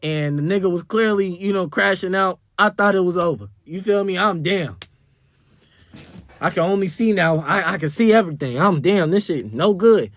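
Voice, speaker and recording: A man's voice: high-pitched, moderate pace, fairly bright tone, dry recording. A young man telling a wild party story in a casual, slangy and profane way. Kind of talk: storytime vlog.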